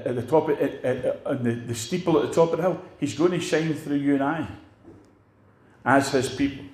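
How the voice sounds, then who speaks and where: An older man preaches in a chatty, plain-spoken way, often asking his congregation questions. His voice sits at an ordinary pitch for a man. It rings around an echoey church room. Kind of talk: sermon.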